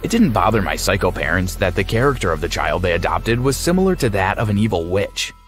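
A man narrating a scripted animated story in a wry, sardonic way. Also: low-pitched, fast talker. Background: faint music.

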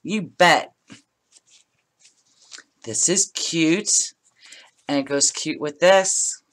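A middle-aged woman speaks very slowly in a low voice, chatting casually as she opens craft mail at home. As a craft vlogger in an unboxing chat, she gushes and laughs often.

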